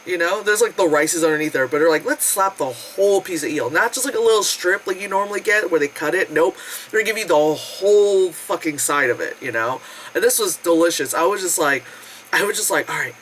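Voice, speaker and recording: Vlogger, bright forceful voice, animated storyteller who swears a lot, faint background hiss. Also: rough recording. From United States. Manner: animated, acts out quotes with big pitch jumps, frequent laughs and swearing. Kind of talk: casual storytelling food vlog.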